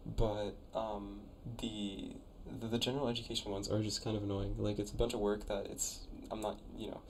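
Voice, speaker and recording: A man's voice: fairly low pitch, level tone, moderate pace, a little hiss or hum. A young man in college, casually chatting on a live stream, reading viewers' messages and sounding out invented words. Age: young adult. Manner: chatty, laid-back, reads chat aloud. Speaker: streamer reviewing viewers' conlangs.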